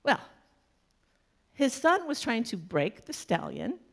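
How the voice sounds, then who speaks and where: Casting: woman minister, sermon delivery, slow and gravelly, storytelling with humor. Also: fairly high pitch, very animated. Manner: storytelling, warm-humored, laughs often.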